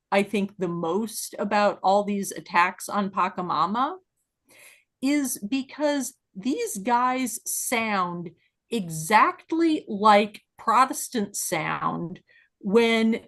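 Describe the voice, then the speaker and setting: A woman co-hosting a casual discussion podcast, explaining at length with many fillers and growing animated when she makes a point. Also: medium pitch. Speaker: podcast co-host.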